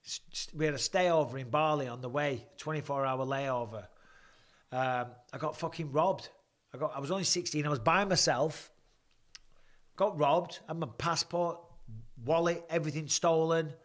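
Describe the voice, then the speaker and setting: A man's voice: a little high, normal speed. A man, chatting bluntly and swearing as he reads viewer questions on a live stream. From England. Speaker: livestream host watching fights.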